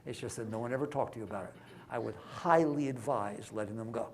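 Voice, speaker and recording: A man giving a live lecture on mindfulness to an audience, conversational and full of rhetorical questions, swinging between hushed asides and loud emphatic bursts. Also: medium pitch, quick pace, slight background noise.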